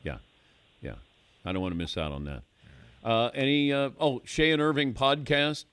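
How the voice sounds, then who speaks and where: An older man hosting a sports radio show, chatting casually with a wry, relaxed manner and frequent laughs. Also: mid-range voice, moderate pace, clear, resonant tone, no room sound. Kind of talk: casual studio banter.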